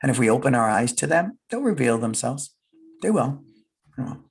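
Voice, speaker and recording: A man's voice: medium pitch, big pitch swings, normal speed, creaky, slightly rough. A middle-aged man giving a motivational fireside talk, earnest and emphatic, repeating his key phrases. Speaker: guest speaker, business leader.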